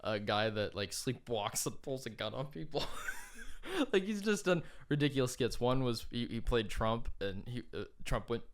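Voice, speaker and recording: A man's voice: mid-range voice, expressive, moderate pace. A man co-hosting a podcast in casual chat, rambling with many fillers and frequent laughs. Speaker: podcast co-host.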